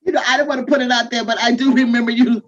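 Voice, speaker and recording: A woman's voice: on the high side, fairly even intonation, very fast, dull audio. A woman moderating a panel, steering the talk along and affirming speakers with frequent yeses. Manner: warm, affirming, frequent "yes".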